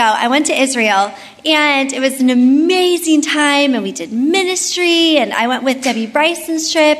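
A woman's voice: high voice, fairly bright tone, long reverb tail. A woman leading a Bible study, mixing chatty personal stories into devotional teaching, with many fillers. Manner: chatty, storytelling, frequent "like".

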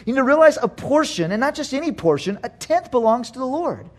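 A man with a high voice preaching a sermon to his church. He acts out quotes and swings between loud and hushed lines. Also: sing-song, a little fast. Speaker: pastor.

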